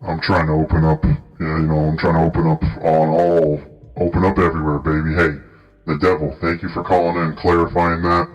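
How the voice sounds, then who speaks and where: A man's voice: rumbling low, little pitch movement, fairly quick, dull audio, faint music behind. A man hosting an improvised comedy stream as a mock judge, goofy and rambling.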